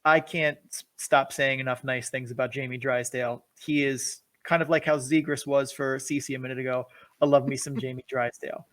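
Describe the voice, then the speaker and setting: A man's voice: medium pitch, flat delivery, moderate pace, a bit bright. A man co-hosting a hockey podcast, reading prepared analysis with eager enthusiasm and laughing at his own jokes. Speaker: podcast co-host.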